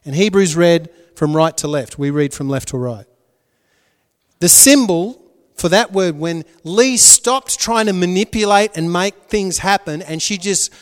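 A male pastor preaching a sermon, swinging between loud emphatic lines and hushed, prayerful ones. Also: sits high, in a large hall.

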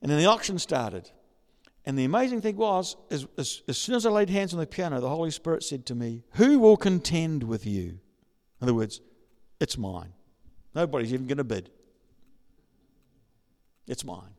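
A man preaching a sermon, telling a personal story and building up to excited shouting. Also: on the high side, normal speed, long pauses. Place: large church hall. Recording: reverberant hall.

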